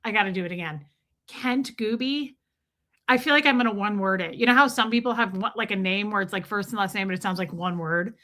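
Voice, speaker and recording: A woman's voice: mid-range voice, fast, hardly any pauses, sharp tone. A woman hosting a casual livestream, chatting playfully and reading viewers' names aloud. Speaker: livestream host. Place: countryside home.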